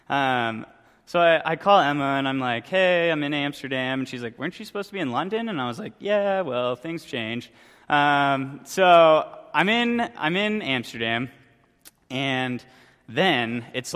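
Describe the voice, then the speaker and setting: A man's voice: mid-range voice, fairly bright tone. A young man, a youth pastor, giving a casual sermon with a chatty, joking story. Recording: long reverb from a hall.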